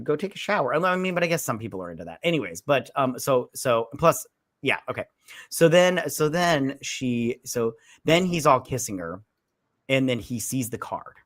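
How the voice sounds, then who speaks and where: A man's voice: medium pitch, a bit bright, no room sound. Co-host, male, loose rambling retelling of scenes, dry mic. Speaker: podcast co-host. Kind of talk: casual movie review chat.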